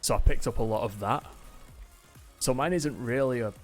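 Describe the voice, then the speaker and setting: A man's voice: medium pitch, normal speed, faint music behind. A man with an accent between Manchester and Yorkshire, chatting casually to his live-stream audience from home and laughing often. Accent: mix of Manchester and Yorkshire. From England. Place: home, mid-move. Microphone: desk mic, camera on temporary tripod.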